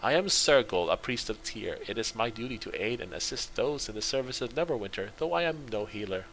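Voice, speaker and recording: A man's voice: mid-range voice, lively intonation, brisk, a bit bright, slight background noise, rough recording. A man reading aloud the lines of a dutiful, formal male priest who explains things at length.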